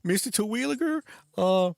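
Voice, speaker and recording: Cletus, a man doing a high meek yokel. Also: animated, vocal fry, darkish tone, no room sound, studio quality. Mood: sheepish. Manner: high, halting and apologetic. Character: slow-witted rural yokel man, meek.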